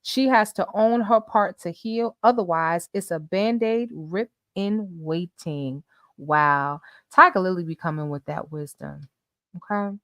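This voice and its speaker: A woman hosting a casual live stream, reading messages and viewer comments aloud with animated, laughing commentary. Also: fairly low pitch, a little slow, dry recording, studio quality.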